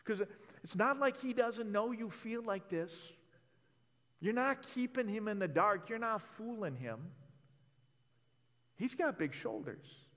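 A man preaching a sermon, animated and stammering as he voices the hurt of a betrayed spouse. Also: sits high, slow pace, long pauses. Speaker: pastor. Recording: long hall reverb.

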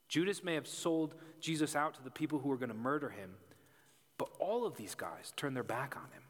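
A man preaching a sermon as a pastor, telling the story in a casual, animated way and dropping to hushed tones. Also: mid-range voice. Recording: long hall reverb.

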